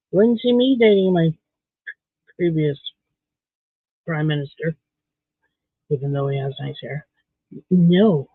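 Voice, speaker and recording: A man's voice: high voice, breathy edge, no echo. Blunt man on a tinny, phone-like stream. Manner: blunt, candid opinions. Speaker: livestream host. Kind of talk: casual livestream chat while beading. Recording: tinny phone-like dry sound.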